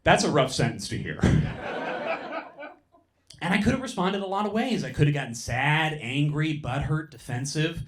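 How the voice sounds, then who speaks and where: Man, stand-up comedian, club stage, handheld mic, deadpan, quick punchlines, slightly high pitch. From San Francisco. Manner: deadpan, quick punchlines, mock voices for bits.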